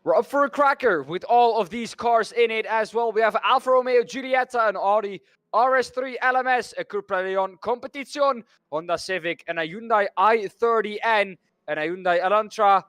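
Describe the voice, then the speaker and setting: High-voiced race commentator. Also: male voice, a bit bright, dry recording. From Netherlands. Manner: talks through schedules and standings, pausing on names. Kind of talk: sim racing broadcast commentary.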